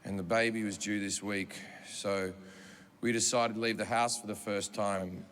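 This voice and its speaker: A man putting on a soft, hesitant voice to play a grieving husband apologizing, in a stand-up comedy routine. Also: on the low side, steady tone, moderate pace, pitched below the performer's own voice, natural voice. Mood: apologetic. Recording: reverberant theater with audience noise.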